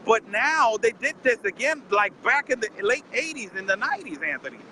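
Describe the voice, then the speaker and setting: A man's voice: extremely high pitch, very animated, brisk, pushed and bright, slight background noise, rough recording. A man calling in to a casual live-stream conversation, indignant and firing off rhetorical questions at the host. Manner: indignant, fires rhetorical questions, keeps addressing the host by name. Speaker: border correspondent calling in.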